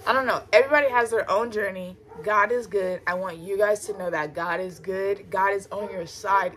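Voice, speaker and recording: A woman's voice: medium pitch, a bit bright, a little hiss or hum. A young woman vlogger giving an earnest personal faith testimony in her bedroom, emotional and close to tears, talking casually and repeating herself for emphasis. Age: young adult. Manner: earnest, repeats phrases, casual slang and fillers.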